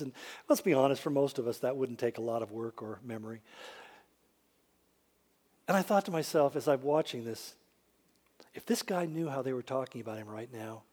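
A man preaching a sermon as a pastor, telling stories with dry humor and acting out the voices of people he quotes. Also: mid-range voice. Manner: animated storyteller who acts out quoted voices with dry humor.

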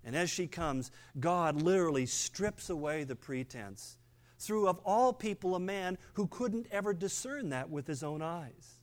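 Older man, pastor, sermon, slightly higher voice, conversational, hushed low emphasis, playful asides. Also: animated, a little slow.

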